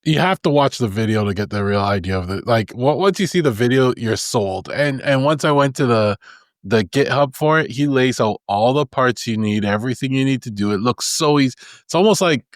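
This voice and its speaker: A man's voice: mid-range voice, lively intonation, a little fast, no echo, clean studio sound. A man co-hosting a casual tech podcast, enthusiastic and explaining things step by step. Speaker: podcast co-host.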